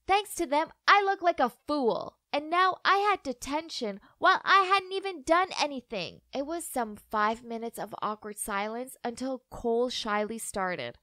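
A woman narrates a first-person animated story in a high, bright-sounding voice, expressive and dramatic. The recording is dry and close, with no room sound. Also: no echo.

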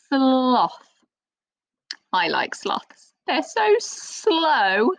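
A woman teaching young children a phonics lesson, speaking in an expressive sing-song teacher voice with little gasps of excitement. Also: fairly high pitch, no echo, rough recording. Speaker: primary school teacher.

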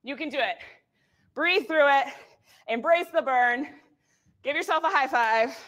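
An out-of-breath young woman leads a live workout with encouraging cues and whoops. Her voice sits high and sounds bright and sharp. She takes her time between short commands. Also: measured pace, pauses often. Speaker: fitness instructor.

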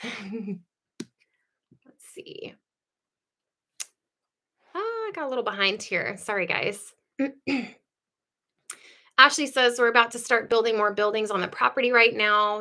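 Chatty bright-voiced woman hosting a livestream. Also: mid-range voice. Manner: chatty, laughs often, lively asides. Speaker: livestream host. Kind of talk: casual livestream chat, reading viewer comments. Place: home.

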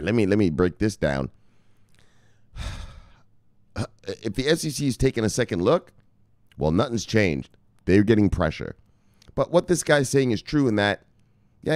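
A man's voice: fairly low pitch, no echo, clean studio sound. A man hosting a crypto news show, reading headlines and riffing on them in a casual, joking, profane way. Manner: animated, profane, joking asides, reads headlines then riffs.

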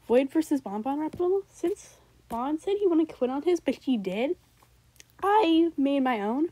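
A young woman reacting to her old raps in a casual, rambling way, switching between loud outbursts and mumbled asides. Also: sits high, expressive, measured pace, dry recording, low-quality recording.

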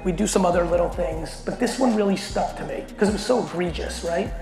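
A middle-aged man giving a blunt, animated keynote to a company audience and swearing constantly as he tells a story. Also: high voice, brisk, creaky. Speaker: keynote speaker. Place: large hall at a company event. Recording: echoey hall with faint music.

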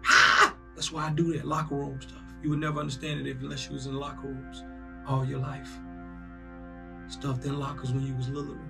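A young man hosting a casual sports reaction video, animated and breaking into loud bursts as he talks to himself. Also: mid-range voice, fairly quick, vocal fry, over music. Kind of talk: excited casual reaction commentary.

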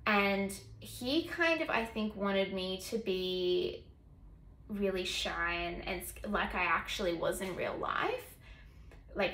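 A woman's voice: medium pitch, fairly bright tone, slight background noise. A woman vlogger telling a personal story in a casual, chatty way, full of "like" fillers. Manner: chatty, filler-heavy, lots of "like". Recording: echoey room.

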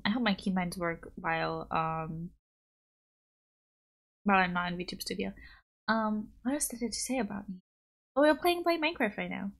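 A young woman VTuber chatting casually on a game stream, rambling along with lots of likes and ums. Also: mid-range voice. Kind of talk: casual live-stream chat.

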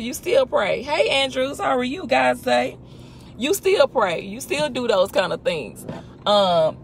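A woman's voice: medium pitch, a little hiss or hum. A woman hosting a casual faith talk, emphatic and full of rhetorical questions. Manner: emphatic, rhetorical questions, talks back to imagined people. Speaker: host.

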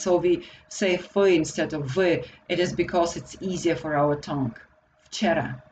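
A woman with a Slovak accent, a native Slovak speaker, teaching a slow and deliberate grammar lesson for beginners in English. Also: on the low side, darkish tone, a little hiss or hum, poor audio. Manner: slow and deliberate, repeating words for learners. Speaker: language teacher.

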